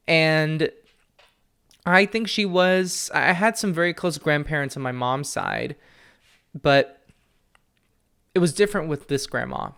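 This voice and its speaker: Young man, gravelly voice, candid solo podcast talk, mid-range pitch, earnest. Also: moderate pace. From family from Peru. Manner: earnest, candid, often laughing softly. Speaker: podcast host, psychic medium. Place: at home with his dog.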